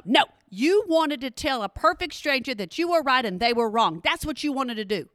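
Lively high-voiced woman host. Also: moderate pace, hardly any pauses, no echo, studio quality. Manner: animated, talks to listeners directly, exclamations. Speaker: podcast host. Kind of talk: casual storytelling monologue.

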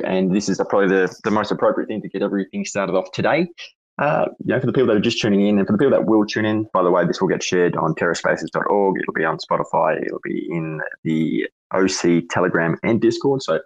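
A man hosting a live audio chat, friendly and upbeat as he asks his guest questions. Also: sits low. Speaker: host. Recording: dull, lo-fi audio.

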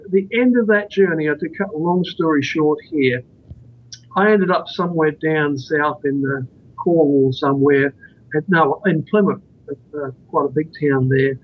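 A guest author who writes about out-of-body experiences tells a long anecdote in a podcast interview, rambling but earnest. His voice is a little high with a breathy edge, and the recording is dull and lo-fi.

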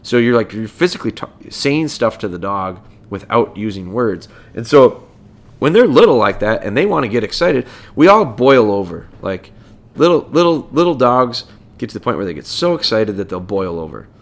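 A man's voice: medium pitch, sing-song, moderate pace, gravelly. Man explaining dog training casually. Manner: conversational, breaks points down step by step, frequent restarts. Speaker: dog trainer and podcast host.

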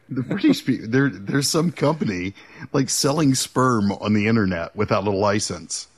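A middle-aged man with a fairly low voice trades crude jokes in loose podcast banter. He rambles, restarts his sentences and stumbles over his words as he goes. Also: animated, measured pace, slightly rough. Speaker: podcast co-host. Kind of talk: casual banter.

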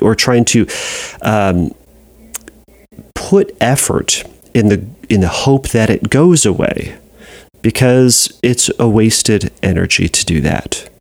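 A man's voice: on the low side, gravelly, no room sound. A man hosting an advice podcast, talking in a thoughtful way with frequent restarts, a bit congested and nasal. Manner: thoughtful, repeats and restarts while explaining. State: congested, nasal from sinus trouble. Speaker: podcast host and therapist. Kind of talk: advice podcast, answering a listener.

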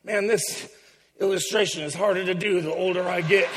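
A man, a pastor preaching a sermon, animated and shouting to his congregation. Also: high voice, normal speed. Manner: animated, shouting, call-and-response. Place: large church hall. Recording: long hall reverb, faint music.

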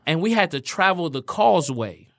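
A man's voice: fairly high pitch, big pitch swings, normal speed, gravelly, fairly bright tone, no room sound, studio quality. A man hosting a podcast who tells stories in a casual, easygoing way, with lots of "man" and "you know.". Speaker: podcast host. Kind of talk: casual conversation.

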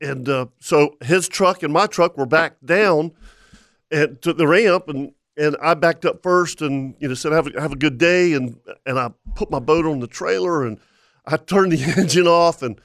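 Man host, higher voice, dry studio sound. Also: moderate pace, a bit bright, no room sound. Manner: rambling storyteller with many restarts. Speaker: radio show host. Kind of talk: casual radio chat. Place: radio studio. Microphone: studio mic.

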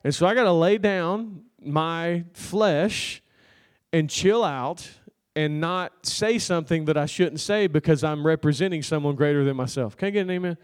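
A man preaching with a slightly higher voice than most men. He tells a personal story loosely and conversationally, laughing often and asking the congregation for an amen. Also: moderate pace, smooth. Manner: conversational storytelling with laughs and crowd call-outs. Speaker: pastor. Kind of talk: sermon.

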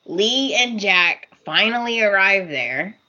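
A woman's voice: mid-range voice, slow, lo-fi sound. A woman co-hosting a podcast, chatting casually about a soap opera and acting out the characters' lines with lots of laughs. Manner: animated, acts out characters' lines, laughs often. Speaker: podcast co-host.

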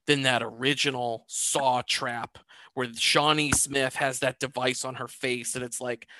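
A man hosting a casual film review podcast, animated and joking, quick to laugh. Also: mid-range voice, no room sound. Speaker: podcast host.

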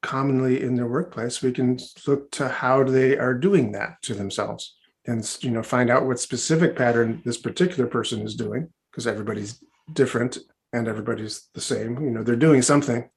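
A man's voice: mid-range voice, fairly even intonation, a little fast. Guy rambling on about his hypnosis work, lots of restarts, sounds like a zoom call. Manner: chatty, rambling with restarts and asides. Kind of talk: conversational interview answer.

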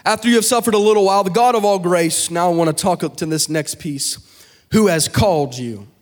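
A young man preaching a sermon to a live congregation, moving from easy storytelling to chanted, shouted climaxes. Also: high voice, fairly quick.

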